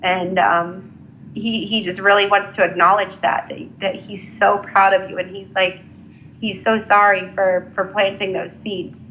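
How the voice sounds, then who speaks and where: A woman giving a live psychic reading, talking in an earnest, halting way with many restarts and fillers. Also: medium pitch, flat delivery, a bit bright, slight background noise, rough recording. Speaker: psychic reader. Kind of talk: live intuitive reading, casual.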